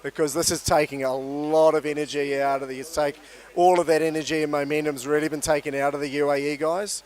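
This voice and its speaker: A man with a New Zealand accent calls a match live in a relaxed, chatty way, often stopping to restart a thought. His voice sits a little high for a man. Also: a little fast. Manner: chatty, many fillers and restarts. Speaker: commentator. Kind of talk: live sports commentary.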